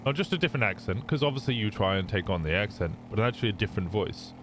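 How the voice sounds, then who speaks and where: A man's voice: lowish voice, animated, rapid-fire. A young man streaming and chatting loosely with his audience, swearing often and stumbling over restarts. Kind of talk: casual chat to a live stream chat. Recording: noisy background.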